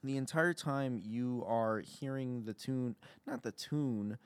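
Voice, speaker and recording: A man narrating a tabletop role-playing game as game master, in a casual, halting way with many fillers. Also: medium pitch, clear, resonant tone, no room sound, studio quality.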